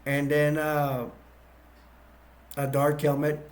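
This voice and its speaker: A man's voice: a little high, level tone, a little slow, darkish tone. A man casually retelling movie scenes scene by scene, rambling and restarting as he goes. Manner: rambling, full of fillers and restarts. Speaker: movie reviewer.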